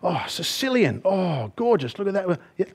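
A man's voice: high voice, very animated, moderate pace, vocal fry, breathy edge, pitched above the performer's own voice, exaggerated voice. A man putting on a gushing posh voice for a friend ordering pizza.

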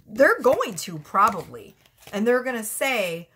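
A woman's voice: a little high, big pitch swings, unhurried, sharp tone, slight background noise. A woman giving a casual tarot reading, talking bluntly and profanely and often breaking into laughter. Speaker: tarot reader.

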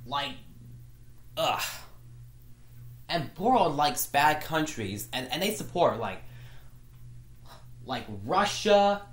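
Woman with a low, unhurried voice, ranting in frustration with stumbles and restarts, recorded in an echoey room. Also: animated. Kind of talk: angry vlog rant.

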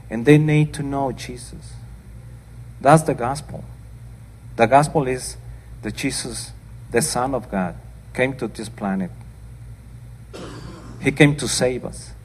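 A man's voice: mid-range voice, a little mellow, slight background noise. An older man preaching as a pastor, speaking earnestly and plainly, with informal asides between scripture readings in a church. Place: church sanctuary. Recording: church hall reverb.

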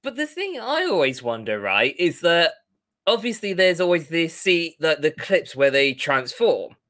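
Lively bright-voiced man chatting. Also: fairly high pitch, unhurried. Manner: animated, retells scenes with put-on quotes. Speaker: podcast co-host. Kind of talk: casual chat.

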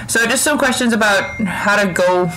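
A woman's voice: medium pitch, moderate pace, fairly bright tone, slight background noise, rough recording. A young woman, a college student, leaving a rambling, hesitant question with many fillers and restarts. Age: young adult. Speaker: caller. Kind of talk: recorded voicemail question.

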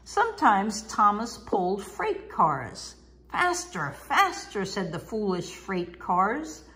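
A woman reading a children's picture book aloud in an expressive, sing-song way. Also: mid-range voice, slow. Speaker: storyteller. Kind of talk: storybook read-aloud.

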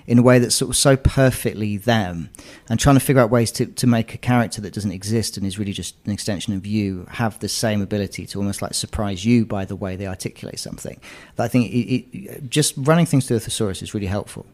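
A screenwriter being interviewed, chatting casually and telling animated stories with frequent restarts. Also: male voice, lowish voice, fast. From England. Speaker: screenwriter guest. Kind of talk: conversational interview.

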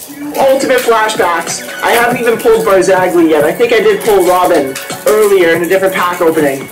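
A mobile game YouTuber talks through card pack openings and bursts into loud exclamations at each big pull. The voice sits at a middling pitch. Music plays clearly underneath. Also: fairly quick, rough recording. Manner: excitable, exclaims loudly at each reveal. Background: background music.

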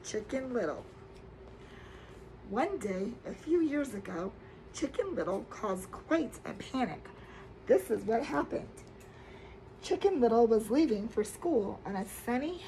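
A woman reading a children's story aloud at a camp, expressive with loud dramatic outbursts. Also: fairly high pitch, measured pace, a little hiss or hum, poor audio.

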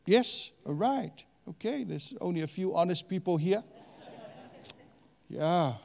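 A man preaching a sermon as a pastor, animated and questioning his congregation, with many fillers and restarts. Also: high-pitched, slow, vocal fry, in a large hall.

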